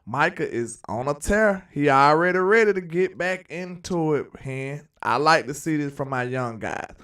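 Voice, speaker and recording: A man co-hosting a casual sports talk show, playful and animated, often laughing as he rants. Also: on the high side, normal speed, smooth, distant mic.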